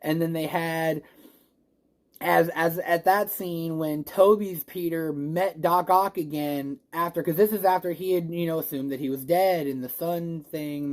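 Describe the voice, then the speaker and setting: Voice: mid-range voice, normal speed. A movie reviewer in a casual spoiler review vlog who says they are a little stoned. They ramble and gush, swear freely and restart sentences often. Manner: rambling, gushing, swears a lot; excitable, emotional, restarts often.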